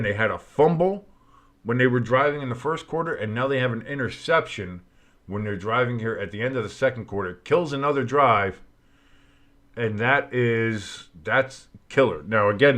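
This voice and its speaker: A tired, yawning man hosting a live football stream, calling the plays with loose, rambling chatter and sudden excited calls. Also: mid-range voice, moderate pace. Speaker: play-by-play streamer and show host. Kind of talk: live play-by-play commentary with reactions.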